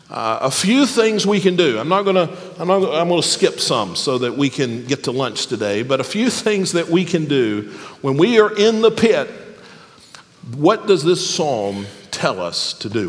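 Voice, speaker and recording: Pastor guy preaching, voice swoops up and down a lot, echo hanging in a big church. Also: a little high. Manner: animated preaching with emphatic pauses. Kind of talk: sermon.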